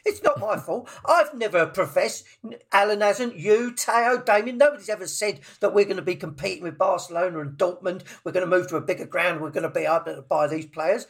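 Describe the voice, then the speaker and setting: A man with a husky voice, co-hosting a football podcast in indignant casual chat. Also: sits high, fairly quick. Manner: indignant, emphatic.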